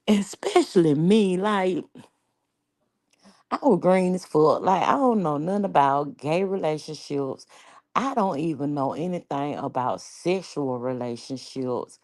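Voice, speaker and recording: Low gravelly woman telling a wild story. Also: unhurried, poor audio. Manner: animated, profane, laughing, slangy. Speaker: vlogger. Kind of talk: casual storytime.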